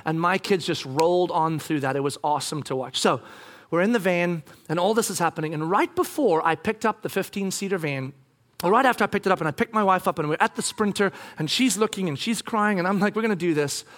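A middle-aged man preaching a sermon, telling a family story in an animated, joking way and acting out the voices. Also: sits high, a little fast. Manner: animated, jokey, acts out voices. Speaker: pastor.

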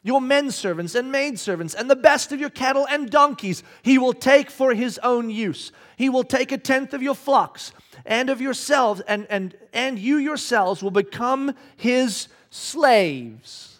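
A man preaching a sermon, reading scripture and shouting acted-out quotes with animated energy. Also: very high-pitched, unhurried. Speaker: pastor.

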